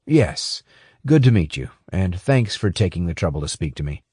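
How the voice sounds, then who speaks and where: Man as a calm, courteous investigator with a deep voice. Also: breathy edge, no echo, clean studio sound, heavily acted. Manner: polite and measured. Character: male war crimes investigator, calm and courteous.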